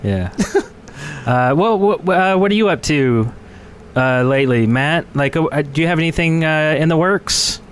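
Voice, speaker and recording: Laid-back podcast co-host, male, a bit higher pitched, faint hiss. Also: animated, measured pace. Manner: easygoing, laughs often. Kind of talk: casual gaming podcast chat.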